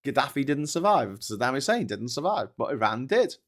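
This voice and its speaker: A man's voice: mid-range voice, big pitch swings, fairly quick. A man with a British accent hosting a casual political commentary show, talking in a sweary, sarcastic and taunting way. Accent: British English. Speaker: host.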